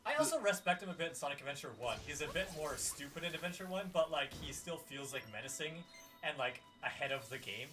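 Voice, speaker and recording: Casting note: chatty man, slightly high and bright, loose rambling gamer talk, faint music underneath. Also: animated, fast talker. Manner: rambling, fond of quoting characters in put-on voices. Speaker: co-host of a live game stream. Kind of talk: casual gaming chat.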